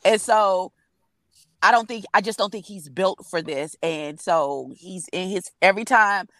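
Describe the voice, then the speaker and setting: A woman's voice: medium pitch, measured pace, no room sound. A woman on a review panel, talking candidly and acting out little scenes while sitting in a car. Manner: candid, animated storytelling. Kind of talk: casual chat.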